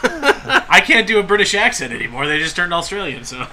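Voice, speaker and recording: A man's voice: high voice, sing-song, brisk, pushed and bright. A man co-hosting a live podcast in casual chat, playful and giggly, asking the guest questions. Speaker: podcast co-host.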